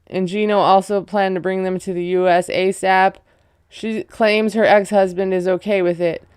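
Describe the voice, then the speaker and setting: A chatty woman in her thirties recaps a reality show in a loose, sarcastic way, full of "like" and "you know". Her voice is very clean and smooth. The recording is dry and close, with no room sound. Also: medium pitch, a little mellow, no room sound. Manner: chatty, sarcastic asides, laughs often, many fillers. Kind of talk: casual recap commentary.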